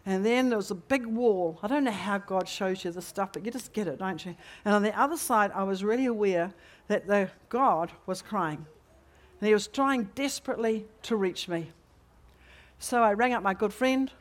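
A middle-aged woman preaching in a church meeting, telling a personal story with lively rhetorical questions to the congregation. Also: mid-range voice, normal speed. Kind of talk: sermon testimony.

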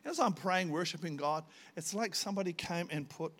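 A male pastor delivers a storytelling sermon. His voice sits a little higher than most men's. He tells it with animated, dramatic energy and breaks into laughter as he goes. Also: fairly quick, slight background noise.

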